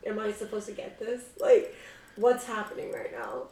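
A woman telling a story in casual conversation, chatty and quick to laugh. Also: fairly high pitch, creaky, mellow, recorded from a distance. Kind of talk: casual chat. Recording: roomy, off-mic.

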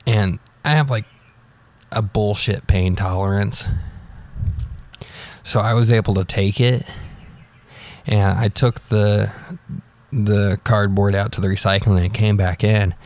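A young man with a very low, gravelly voice tells a rambling personal story. He talks casually and swears freely, with an offhand, unbothered manner. His low pitch and fry stay steady throughout. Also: unhurried, pauses often, no room sound. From United States.

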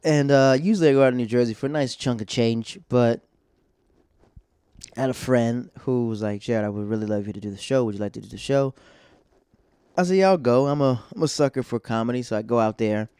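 A man's voice: mid-range voice, steady tone, a little fast, pauses often, warm tone, clean tone, no echo. A man in his twenties or thirties, a stand-up comedian, chatting casually with a rambling, self-interrupting way of talking. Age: 20s to 30s. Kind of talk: casual chat.

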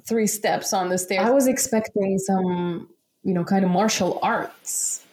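A woman co-host chatting casually, unhurried, often laughing as she recaps a show. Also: mid-range voice, steady tone, a little mellow. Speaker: podcast co-host. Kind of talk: casual chat.

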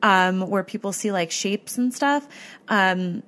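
A woman's voice: mid-range voice, lively intonation, takes it slowly, a bit bright. Chatty woman podcast host telling stories. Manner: chatty, many fillers like "like" and "um". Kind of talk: casual storytelling chat.

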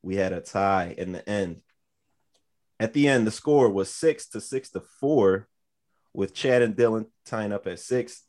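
Low-voiced, rambling podcast host. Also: male voice, measured pace, darkish tone. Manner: loose and rambling, curses casually, trails off with "like". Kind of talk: casual podcast chat.

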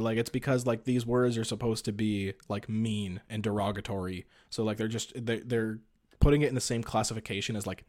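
A man's voice: lowish voice, a little mellow. A man hosting a casual podcast chat, rambling with lots of filler words and restarts. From Canada. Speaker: podcast host.

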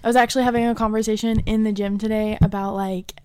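A woman's voice: mid-range voice, flat delivery, quick pace, darkish tone, clean tone, no echo. A woman in her twenties hosting a podcast in casual chat, giggly, loose and chatty. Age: 20s. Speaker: podcast host.

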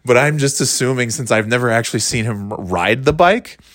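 A man's voice: medium pitch, a little fast, fairly bright tone, no room sound, clean studio sound. A man hosting a podcast, telling a rambling comic story with an amused tone. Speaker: podcast host. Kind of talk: casual comic monologue.

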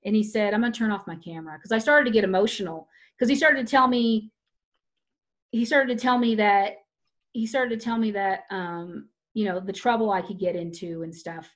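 A woman's voice: mid-range voice, normal speed. A woman talking in a loose, rambling way, often restarting her sentences as she tells a personal story in casual chat.

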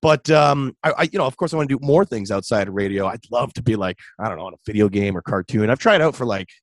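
A young man, a radio host, chatting casually in an interview, relaxed and full of "dude" and "like". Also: lowish voice, fast talker, dry recording. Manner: laid-back, chatty, says "dude" and "like" often. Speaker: radio host and metal vocalist.

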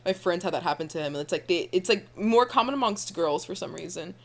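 A woman's voice: on the low side, animated, fast. A young woman co-hosting a casual podcast chat, rambling with lots of fillers and frequent laughs. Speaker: podcast co-host.

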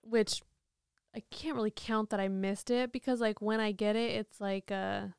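A woman's voice: medium pitch, steady tone, moderate pace, gravelly, clear, resonant tone, no echo, clean studio sound. A woman in her thirties in casual chat as a podcast co-host, blunt, swearing and self-mocking.

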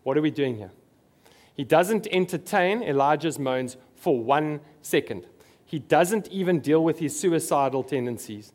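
A man's voice: fairly high pitch, animated, measured pace, a little mellow. A man preaching a sermon, earnest and emphatic, repeating his key phrases.

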